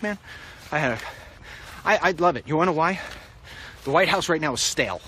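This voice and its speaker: This political commentator's voice is on the high side, brisk and animated, with a bright, forceful tone. He walks outdoors amid passing traffic, giving the camera a blunt, wandering monologue on politics.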